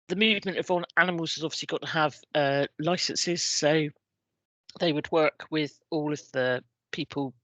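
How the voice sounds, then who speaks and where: A middle-aged woman with a West Country English accent gives an informal work presentation, pausing often with ums and restarting her sentences. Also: low voice, a bit bright, no echo. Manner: hesitant, many ums and restarts. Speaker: civil contingencies officer presenting. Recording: dry, dull lo-fi recording.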